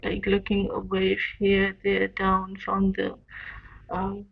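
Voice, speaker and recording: A woman hosting a reaction video, speaking in a halting, earnest way with short pauses. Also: medium pitch, completely flat delivery, creaky, breathy edge. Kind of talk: emotional reaction commentary. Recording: dull lo-fi recording.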